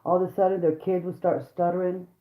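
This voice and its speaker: A woman's voice: on the low side, level tone, quick pace. A woman vlogger and mother delivering a heated, profane rant straight to her viewers. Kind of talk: angry profane rant to camera. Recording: roomy, dull lo-fi sound.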